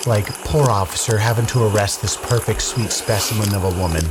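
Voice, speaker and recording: A man's voice: fairly low pitch, fairly quick, noisy background. A young man reacting to police bodycam footage in a sarcastic, mocking, casual way, with some swearing. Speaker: commentary host.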